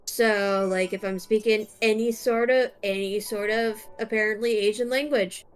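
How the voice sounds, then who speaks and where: A woman in her thirties, chatting casually while streaming a game and telling an unhurried story. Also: medium pitch, steady tone, smooth, soft background music. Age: 30s.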